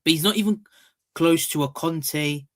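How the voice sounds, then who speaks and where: A man in a heated football call-in, loudly mocking rival fans by mimicking them. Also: a little high, normal speed. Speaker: call-in panelist.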